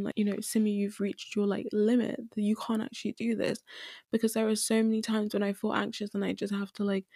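A woman's voice: medium pitch, gravelly, a little mellow, dry recording. A young woman hosting a podcast, talking candidly and earnestly about confidence and anxiety, repeating herself for emphasis and close to tears at times. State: tearful at times. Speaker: podcast host. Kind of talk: candid solo podcast talk.

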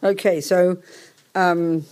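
A woman's voice: fairly low pitch, steady tone, takes it slowly, background noise. A woman from England, leading a hybrid group session in a meeting room, rambling and cutting herself off as she sorts things out. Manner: rambling, self-interrupting, talks while sorting things out. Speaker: session leader. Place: meeting room with a live audience and remote listeners.

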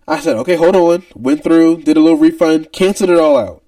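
Speaking briskly in a fairly high pitch, this man co-hosts a podcast and relates a retail anecdote in a relaxed way. He gets animated acting out irate customers, mimicking their shouting, on a dry recording from a distant mic.

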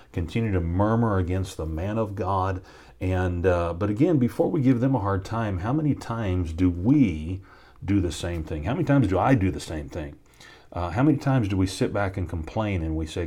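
A man's voice: sits low, darkish tone. A man preaching a sermon, earnest and often restarting his sentences, with rising, emphatic peaks. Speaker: pastor.

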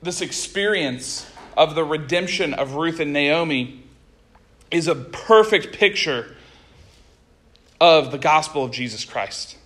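A man preaching a sermon, reading scripture and retelling it in a conversational, animated way with casual asides. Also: a little high, takes it slowly, long pauses.

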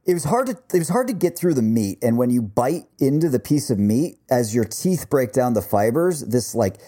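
A man's voice: medium pitch, normal speed. A man co-hosting a podcast, telling stories casually with lots of swearing and slang. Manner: profane, animated storyteller. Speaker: podcast co-host. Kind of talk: casual chat.

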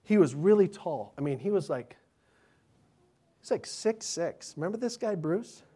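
A middle-aged man, a pastor, telling stories to children in an animated, chatty way, often restarting his sentences. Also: sits high, a little slow, breathy edge. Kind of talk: children's sermon storytelling.

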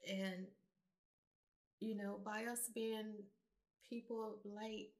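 A woman's voice: medium pitch, fairly even intonation, takes it slowly. A woman giving an earnest, emphatic spiritual monologue straight to her viewers in a casual vlog. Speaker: vlogger.

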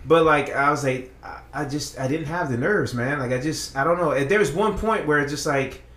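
A man's voice: fairly high pitch, normal speed, fairly bright tone, reverberant. A man on a casual podcast, telling a long story in a rambling, profane way with many restarts. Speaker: podcast co-host.

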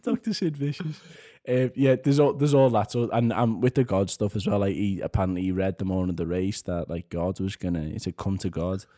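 A podcast co-host with a lowish male voice talks in loose, casual chat. He sounds chatty and animated and often breaks into laughter. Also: brisk, hardly any pauses.

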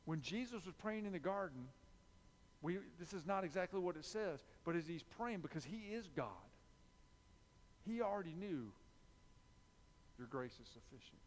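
A man's voice: high-pitched, animated, normal speed, in a large hall. A man preaching a sermon, repeating key phrases with emphasis and dropping into confessional asides.

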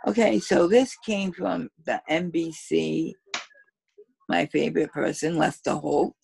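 Hoarse, gravelly podcast co-host woman. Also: low voice, steady tone, a little mellow, rough recording. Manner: slow, halting delivery with many pauses. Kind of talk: casual news chat.

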